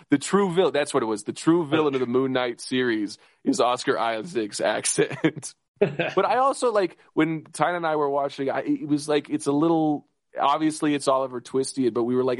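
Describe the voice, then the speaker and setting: A man chatting as a podcast co-host, rushing from thought to thought and restarting his sentences as he gets excited. His voice sits at an ordinary middle pitch, and the recording is close and dry with no room sound. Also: dry recording. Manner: excited, rambling, fast with restarts and laughs. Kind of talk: casual chat.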